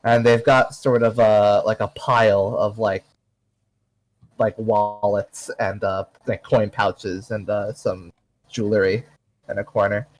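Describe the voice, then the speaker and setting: Man, game master, slow, halting narration, lots of fillers. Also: lowish voice, flat delivery, poor audio.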